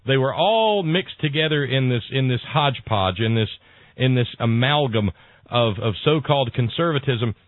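A man's voice: medium pitch, animated, normal speed, dry recording. Hesitant male talk radio host. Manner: rambling, full of hesitations and repeated words. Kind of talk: political talk radio chat. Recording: dry, tinny phone-like broadcast audio.

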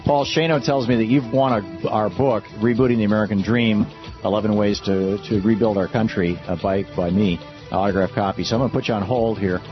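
A man's voice: lowish voice, steady tone, a little fast, highs cut off, music in the background. A man hosting a call-in radio talk show, speaking in an opinionated, reflective way to his callers.

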